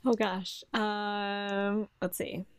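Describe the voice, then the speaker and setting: A woman's voice: mid-range voice, flat delivery, clean tone. Giggly young woman hosting a podcast. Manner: giggly, quick to laugh and tease. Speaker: podcast co-host. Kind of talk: casual chat.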